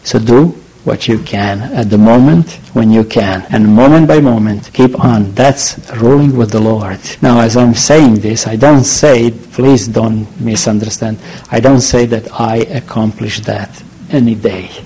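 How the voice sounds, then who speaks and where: Mellow-voiced man preaching haltingly. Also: lowish voice, husky, poor audio. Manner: halting, searching for words, earnest. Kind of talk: sermon.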